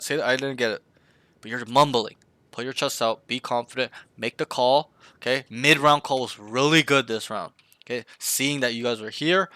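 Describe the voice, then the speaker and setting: A man's voice: medium pitch, bright, forceful tone, clear, resonant tone, no echo. A man coaching a student through a match review, blunt and profane, often acting out team callouts. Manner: blunt, swears freely, acts out callouts. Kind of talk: casual coaching session.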